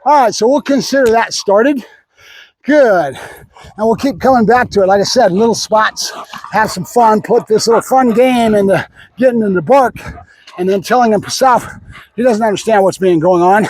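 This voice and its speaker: A man's voice: high voice, moderate pace, a little mellow, husky. A man training his dog, explaining steps and repeating short praise and commands in a casual hands-on demo, outdoors.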